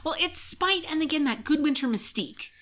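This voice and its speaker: A woman with a bright, sharp voice walks through a book's plot for her co-host. She talks in a casual, chatty way and fills gaps with "um" as she goes. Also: high-pitched, expressive, brisk. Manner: retells plot at length with frequent "um" fillers. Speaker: podcast co-host. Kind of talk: casual book recap chat.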